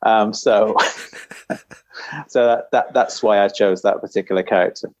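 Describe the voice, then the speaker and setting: A man's voice: fairly low pitch, a little slow, darkish tone, no room sound, muffled recording. A man who is a guest author, chatting casually and modestly with laughing asides. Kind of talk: casual podcast chat.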